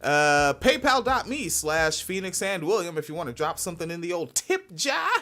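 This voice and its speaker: A woman's voice: big pitch swings, normal speed, a bit bright, soft background music. A woman hosting a podcast in casual, profane chat, rambling and laughing often. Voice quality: fairly high-pitched voice. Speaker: podcast host.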